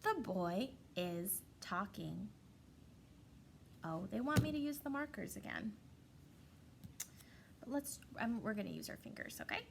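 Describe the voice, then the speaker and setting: A woman's voice: medium pitch, lively intonation, unhurried, vocal fry, long pauses, background noise. A young woman teaching an online kindergarten class in a playful, sing-song way, stretching her words and often repeating herself.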